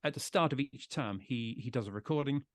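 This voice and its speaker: A man's voice: medium pitch, brisk, no room sound. A man from the UK giving an online talk on podcasting, chatty and reassuring, often restarting his sentences, speaking into a close desk microphone. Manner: chatty, reassuring, frequent restarts and repeated words. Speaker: podcast trainer giving a webinar. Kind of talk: live online presentation with audience questions. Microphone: close desk USB microphone.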